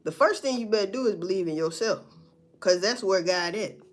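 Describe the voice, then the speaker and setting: Sassy, animated woman ranting. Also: medium pitch, fairly quick. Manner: sassy, profane, rhetorical questioning. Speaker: vlogger. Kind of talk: casual commentary monologue.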